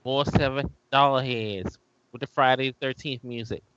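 A man's voice: medium pitch, fairly even intonation, normal speed, fairly bright tone, smooth, dry recording. A man co-hosting a casual movie commentary chat, blunt, profane and scoffing, on slightly dull lo-fi audio. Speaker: podcast co-host.

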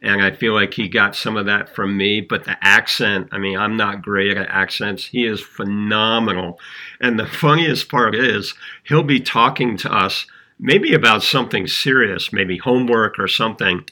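A man co-hosting a podcast, chatting casually and telling stories in an animated way. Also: lowish voice, normal speed. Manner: animated storyteller, chuckles while recounting funny stories. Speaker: podcast co-host. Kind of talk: casual conversational podcast chat.

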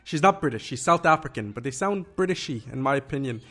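A man's voice: mid-range voice, lively intonation, fast, a bit bright. A man hosting a casual podcast in an office conference room, rambling and joking at his own expense. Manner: rambling, joking, self-deprecating. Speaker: podcast host.

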